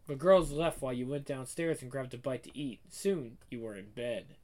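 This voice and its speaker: A man's voice: medium pitch, moderate pace, hardly any pauses, a little mellow. A man narrating an audio story in the second person, in a casual, conversational way.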